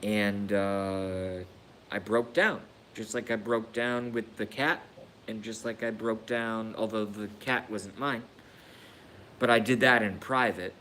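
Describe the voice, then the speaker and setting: A man live-streaming a casual rant, slow and halting, with sighs and swearing, emotional and grieving. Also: fairly low pitch, steady tone, bright, forceful tone, slight background noise.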